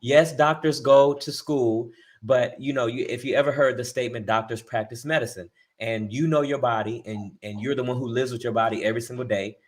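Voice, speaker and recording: Male co-host, relaxed and explanatory, thinking out loud. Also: mid-range voice, brisk, few pauses. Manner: explanatory, thinks aloud with fillers. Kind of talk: casual podcast chat.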